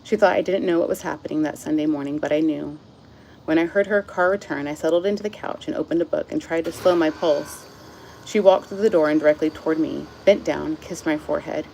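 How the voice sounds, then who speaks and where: Low gravelly woman reading emotionally. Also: steady tone, fairly quick, warm tone, a little hiss or hum, poor audio. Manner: emotional, close to tears. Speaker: author reading her own book. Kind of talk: reading aloud with personal asides. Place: outdoors in the sun. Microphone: phone.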